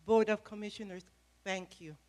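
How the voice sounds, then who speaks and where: A woman's voice: medium pitch, fairly even intonation, moderate pace, a little mellow. A woman giving a passionate speech from a podium at an event, emphatic and repeating phrases. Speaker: speaker at a press event. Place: event room with an audience. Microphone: podium microphone.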